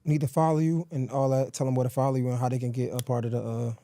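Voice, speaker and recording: A man hosts a casual podcast, throwing in quick, slangy questions and reactions. His voice is mellow and dark in tone, and he talks fast. The sound is dry, with no room echo. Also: medium pitch, little pitch movement. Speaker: podcast host.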